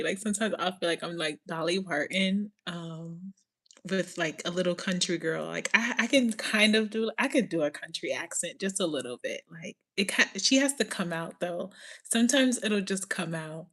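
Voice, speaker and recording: A woman's voice: on the low side, normal speed. A woman from the New York area hosting a casual chat, rambling with lots of fillers, laughing often and slipping into playful accent impressions. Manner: giggly and excitable, laughs often. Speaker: podcast host.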